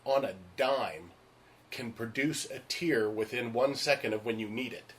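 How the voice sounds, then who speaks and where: Man, actor, casual storyteller; lively, blunt, acts out others' lines, mid-range voice. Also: medium pitch, unhurried. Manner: animated, acts out the voices of people in his stories; frank and emphatic. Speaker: stage and screen actor.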